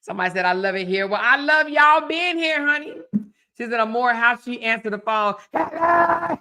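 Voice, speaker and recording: A woman in her fifties, a blogger chatting casually and reading out viewer comments in a sassy, animated way. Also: fairly high pitch, brisk. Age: 50s. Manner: sassy, animated, calls listeners honey and baby.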